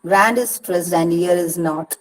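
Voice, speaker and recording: On poor audio, a university counsellor with an Indian English accent speaks in a lowish, unhurried voice during an online session for a Kerala, India regional study centre. She is patient, repeating words and splitting them into syllables.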